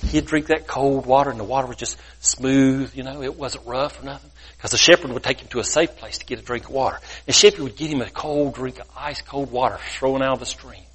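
A man's voice: mid-range voice, brisk, hardly any pauses, a bit bright, husky. A man preaching as a guest speaker, telling a folksy parable in a colloquial, homespun way. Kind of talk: sermon storytelling.

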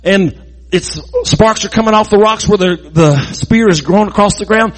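A man telling a Bible story in a lively, folksy way, adding sound effects and jokes. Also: high-pitched, moderate pace.

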